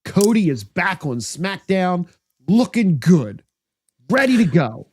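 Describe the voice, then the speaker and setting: A podcast co-host who recaps bluntly in casual chat. The voice swings widely up and down in pitch, with a mid-range center. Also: sing-song, slow, slightly rough.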